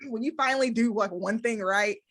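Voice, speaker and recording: A woman's voice: fairly high pitch, moderate pace, fairly bright tone. A woman hosting a podcast interview, chatting casually with a candid, self-deprecating humor and frequent laughter. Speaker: podcast host.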